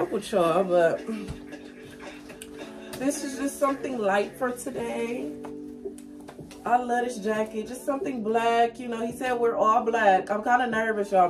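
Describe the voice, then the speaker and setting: A young woman, chatting casually to viewers in her vlog from home, talking straight to the camera. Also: a little high. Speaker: vlogger. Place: at home, indoors. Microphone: camera on a stand.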